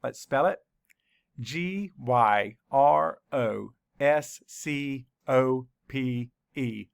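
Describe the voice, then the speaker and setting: Guy teacher going thru a kids spelling lesson, real slow, gravelly voice, dry close sound. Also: mid-range voice, dry recording. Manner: slow, deliberate letter-by-letter spelling.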